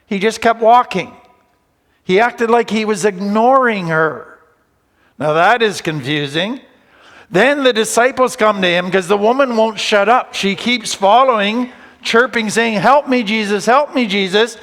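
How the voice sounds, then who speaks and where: High-voiced man lecturing in an echoing hall. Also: fairly bright tone. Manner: earnest, conversational, slows down to stress key words. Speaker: counsellor giving a recovery talk. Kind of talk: teaching talk retelling a Bible story. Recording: long hall reverb.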